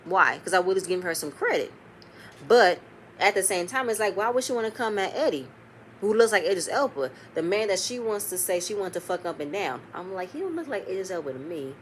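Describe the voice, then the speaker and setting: A woman giving a casual, animated recap of a reality show episode, quoting the cast and swearing freely. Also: medium pitch, a little fast, slight background noise.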